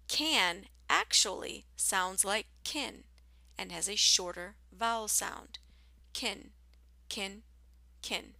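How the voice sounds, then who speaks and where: A woman teaching a scripted English pronunciation lesson, speaking slowly and carefully with clear enunciation and a soft, partly whispered delivery. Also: medium pitch, dry recording.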